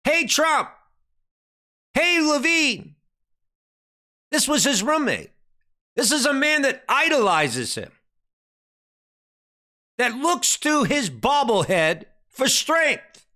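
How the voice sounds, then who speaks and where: A man preaching a dramatic sermon, hammering questions at his listeners and then sinking to a low, grave tone. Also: very animated, slow pace, pauses often, bright, forceful tone. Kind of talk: impassioned sermon commentary.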